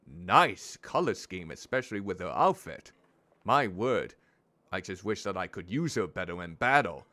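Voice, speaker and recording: A male streamer talks through a game in a chatty, self-deprecating way. His voice is low but swings widely and expressively in pitch. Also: very animated, a little slow, bright, forceful tone. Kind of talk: gameplay commentary.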